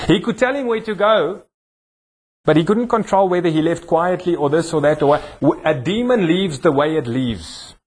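A man's voice: fairly high pitch, expressive, normal speed, breathy edge. A man pastor with a South African accent, preaching a sermon in a church and joking with a volunteer. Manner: jokey, teasing with a volunteer, preaching with rising emphasis. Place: church hall.

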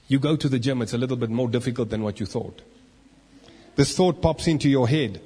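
A man preaches in a church, slipping into the inner voices of the people he describes. His voice is husky, and it rings with the long reverb of a large hall. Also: medium pitch, brisk. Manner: animated, acts out inner voices. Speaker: pastor. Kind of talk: sermon.

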